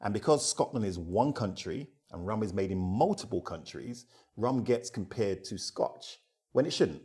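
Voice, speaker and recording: Middle-aged guy, lowish voice, guest on an interview, animated storyteller who laughs a lot. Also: normal speed. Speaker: rum ambassador, interview guest. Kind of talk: conversational interview.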